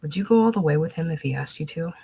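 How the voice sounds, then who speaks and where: A woman voicing a shy, dreamy teenage girl in an audiobook reading, speaking in a soft, hesitant way. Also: low voice, animated, fast, gravelly, husky, full character voice.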